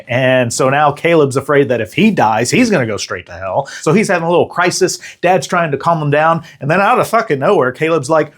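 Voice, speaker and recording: A man's voice: on the high side, expressive, fairly quick, hardly any pauses. A man hosting a comedic movie recap, narrating the plot with sarcastic jokes. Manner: sarcastic, jokey. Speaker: host.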